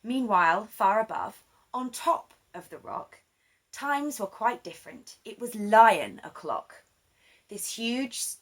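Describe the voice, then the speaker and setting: Slow, expressive woman reading a storybook. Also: a little high. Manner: expressive, sing-song rhyming delivery. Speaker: children's story reader. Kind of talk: rhyming storybook read-aloud.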